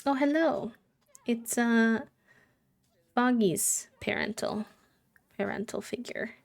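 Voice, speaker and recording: A woman's voice: fairly high pitch, slow pace, gravelly. Giggly woman streaming a game. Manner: chatty and giggly, coos fondly at the characters. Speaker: live streamer. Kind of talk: casual chat while playing a life-sim game.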